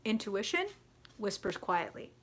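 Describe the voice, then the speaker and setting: A woman's voice: mid-range voice, sing-song, measured pace. A young adult woman hosting a live tarot reading, chatty and frank, swearing freely and answering viewer comments.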